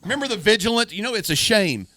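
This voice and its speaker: Bright-voiced guy co-hosting a podcast, forceful and swearing, slightly high, dry sound. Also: expressive, fast, no echo. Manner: forceful, profane, preachy. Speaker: podcast co-host. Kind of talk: heated casual talk.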